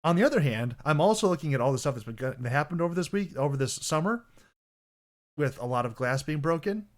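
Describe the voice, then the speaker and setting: Talking fast in a fairly high-pitched voice with lively intonation, a young podcast host rambles through a casual stream chat. He keeps correcting himself mid-sentence and occasionally launches into loud mock voices.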